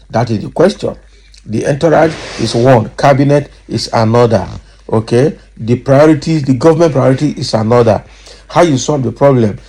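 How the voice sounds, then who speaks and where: A man's voice: mid-range voice, warm tone, breathy edge, poor audio. A man with a Nigerian English accent giving emphatic political commentary, asking rhetorical questions and reading out viewer comments. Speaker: news commentator.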